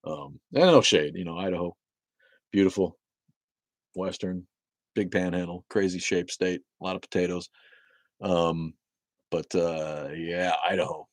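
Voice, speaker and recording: A man's voice: low voice, fairly even intonation, a little slow, long pauses, dry recording. A man hosting a casual livestream, reading viewer comments and ranting in a sardonic, profane, rambling way with lots of fillers and restarts. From Maine, USA.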